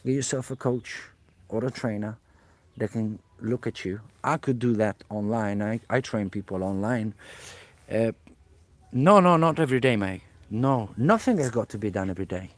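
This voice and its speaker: A man's voice: lowish voice, lively intonation, moderate pace, dry recording. A man working as a personal trainer, answering viewers' questions on a live stream in a direct coaching manner and repeating key points for emphasis.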